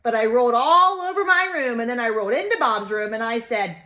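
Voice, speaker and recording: A woman, a preschool teacher, reading a picture book aloud to young children and pointing out the pictures. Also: a little high. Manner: slow, expressive, pointing out pictures to kids.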